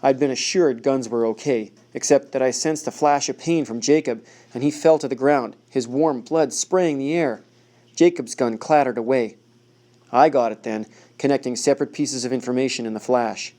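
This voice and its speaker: A male audiobook narrator reads a first-person story at an even, measured pace. His voice sits at a middle pitch with a dark, mellow tone.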